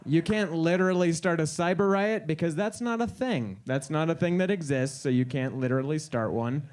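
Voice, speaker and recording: Wry stand-up comedian on a live stage. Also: male voice, fairly high pitch, moderate pace, a little mellow, a little hiss or hum. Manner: wry, incredulous, acts out quoted voices.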